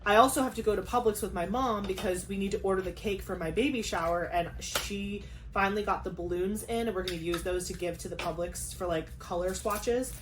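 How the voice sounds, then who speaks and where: A young woman chatting casually on her craft vlog, talking fast with lots of "like" and quick asides. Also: mid-range voice, background noise. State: pregnant. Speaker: craft vlogger. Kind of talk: casual chat.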